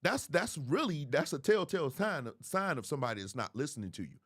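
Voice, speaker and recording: A man. His delivery is emphatic and preachy, with a fairly high voice that swings up and down a lot as he drives home his points. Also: very animated, brisk. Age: 40s. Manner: preachy, emphatic, repeats phrases. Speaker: host. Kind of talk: livestream commentary.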